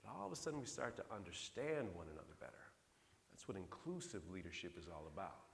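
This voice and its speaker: A man's voice: low-pitched, fast, gravelly. A middle-aged man giving a conference keynote to an audience in a large hall, telling stories with humor. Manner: animated, humorous storyteller. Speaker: keynote speaker. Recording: long reverb of a large hall.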